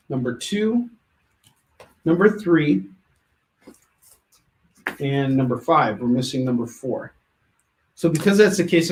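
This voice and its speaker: A man hosting a live comic book sales show, pitching books with joking, rambling asides. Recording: echoey room.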